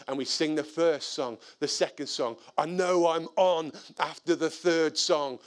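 A male preacher with a fairly high voice, speaking in a lively, conversational way. He moves between personal anecdotes and reading scripture aloud, in a sermon setting. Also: moderate pace, few pauses. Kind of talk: sermon with storytelling.

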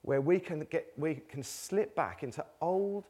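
A man's voice: fairly high pitch, a little slow, warm tone. A man preaching a chatty sermon to a congregation, joking at his own expense and laughing between his points. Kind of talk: conversational sermon. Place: church meeting with a live congregation.

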